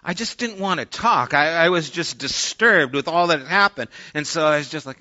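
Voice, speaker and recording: A man's voice: a little high, expressive, moderate pace, few pauses, sharp tone. A man preaching a sermon in a conversational way, sometimes acting out the voices in the story he tells. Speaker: pastor. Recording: dull lo-fi sermon audio.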